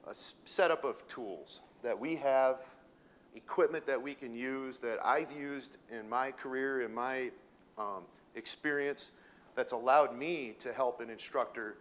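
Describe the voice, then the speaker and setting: A man giving an educational presentation to instructors, speaking haltingly with frequent restarts and fillers. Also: medium pitch, a bit bright. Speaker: company presenter.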